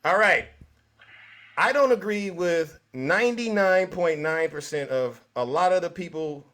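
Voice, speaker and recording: Male call-in host, high bright voice, calm and placating. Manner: calm, soothing, repeats names to get attention. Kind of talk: live call-in show hosting.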